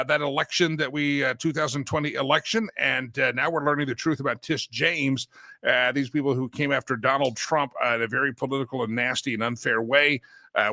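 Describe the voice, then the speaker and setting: A man's voice: mid-range voice, pushed and bright, dry recording. A man hosting a political talk show, joking around and chanting sing-song catchphrases. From Colorado, USA.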